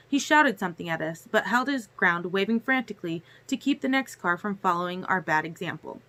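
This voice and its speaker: A woman's voice: mid-range voice, bright, forceful tone. Woman reading a novel aloud. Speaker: audiobook reader. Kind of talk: audiobook narration.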